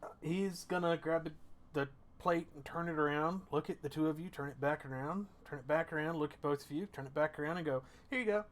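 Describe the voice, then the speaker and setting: A man's voice: fairly high pitch, steady tone. Rambling man as game master. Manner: rambling, halting, many fillers. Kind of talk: narrating a tabletop game.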